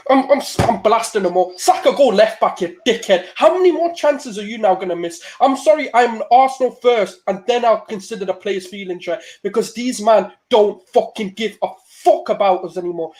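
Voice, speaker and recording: A man ranting furiously and swearing about his football team after a match. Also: sits high. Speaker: Arsenal fan panelist.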